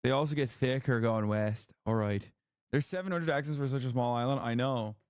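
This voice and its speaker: A man's voice: medium pitch, brisk, clean tone, no room sound, studio quality. A man streaming and reacting to clips, talking casually and bluntly, swearing and joking. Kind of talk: casual commentary.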